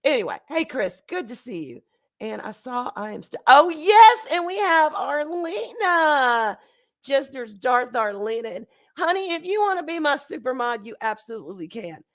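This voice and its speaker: A woman hosting a casual livestream, hoarse and congested from a recent flu, chatty and laughing as she greets her chat. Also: fairly high pitch, big pitch swings, moderate pace. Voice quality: nasal, congested. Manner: chatty, laughing, swings between loud bursts and quiet asides. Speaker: livestream host. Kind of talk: casual chat reading live chat.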